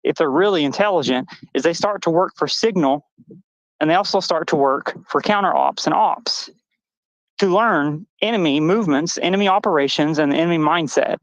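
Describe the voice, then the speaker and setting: A woman's voice: low voice, a little fast, no room sound, low-quality recording. A trans woman on a live stream panel, delivering a heated, angry rant full of swearing and accusations.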